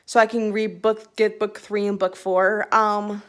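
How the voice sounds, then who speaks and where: In an unhurried, level, mid-range voice, a young woman talks to her phone camera about books she has read. It is casual book vlogging, giggly and rambling, with frequent restarts.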